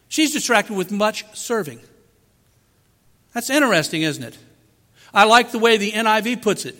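A man's voice: high voice, sharp tone. A man preaching a sermon as pastor, asking rhetorical questions and acting out quotes. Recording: long hall reverb.

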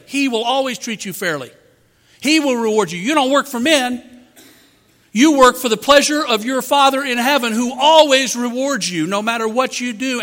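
A man's voice: sits high, bright, forceful tone. A man preaching a sermon as pastor, asking rhetorical questions and acting out quotes. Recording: long hall reverb.

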